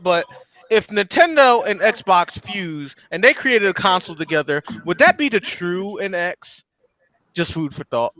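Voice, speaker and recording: A man in casual podcast chat with a wry, deadpan manner. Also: high-pitched, no echo. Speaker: podcast guest.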